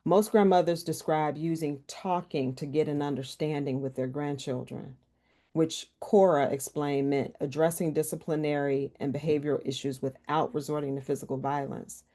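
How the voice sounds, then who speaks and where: A woman's voice: low-pitched, fairly even intonation, normal speed, dark tone. A woman researcher presenting a workshop talk over a video call and answering questions in an earnest, conversational way. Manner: earnest, conversational, some restarts.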